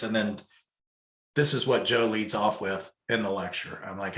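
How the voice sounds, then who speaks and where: A man's voice: fairly low pitch, fairly even intonation, moderate pace, fairly bright tone. A man telling a personal story in a casual fireside chat, loose and conversational with lots of fillers. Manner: loose, conversational, full of fillers and acted-out quotes. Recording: echoey room.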